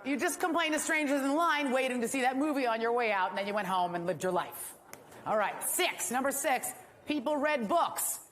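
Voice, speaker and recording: A woman's voice: high voice, expressive, moderate pace, fairly bright tone. A woman hosting an awards ceremony, delivering a stand-up monologue with wry jokes and asides to a live audience. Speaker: awards show host. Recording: echoey hall with faint room noise.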